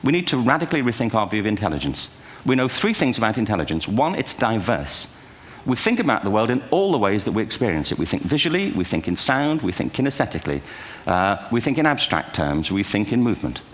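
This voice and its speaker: An older man gives a humorous keynote in a large auditorium before a live audience, speaking fast in a fairly low, sing-song voice with hardly any pauses. His talk is packed with wry, self-deprecating anecdotes and asides.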